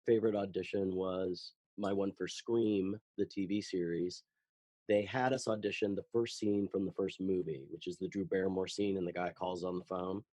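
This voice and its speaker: A man who is an actor and voice actor, telling casual, animated anecdotes in an interview and acting out the quotes. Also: low voice, moderate pace, no echo.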